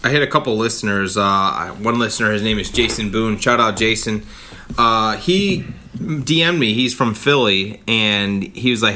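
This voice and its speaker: A man with a bright, forceful tone delivers a heated sports-talk rant. He swears freely and keeps up a fired-up, rapid flow as the show's host. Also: lowish voice, animated. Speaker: podcast host.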